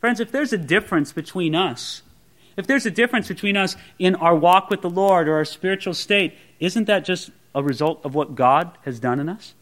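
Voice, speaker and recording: A male preacher giving an animated sermon, addressing his listeners as friends and acting out the quotes he reads. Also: sits high, normal speed.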